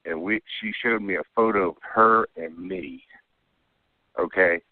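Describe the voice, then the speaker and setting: A man's voice: deep voice, a little slow, dry recording. A man calling in to tell a rambling personal story, checking in with "okay?" again and again. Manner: rambling, keeps adding "okay?". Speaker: caller telling an alien abduction story. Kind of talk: casual phone-in storytelling. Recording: tinny dry phone line.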